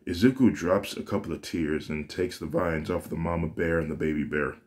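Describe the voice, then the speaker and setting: A man with a low, deep voice narrating a fan-made story in a relaxed, unpolished way. He often stops to restart a phrase and fix his own slips. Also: fairly quick. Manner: casual, with frequent restarts and self-corrections. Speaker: story reader. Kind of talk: casual reading of a fan story.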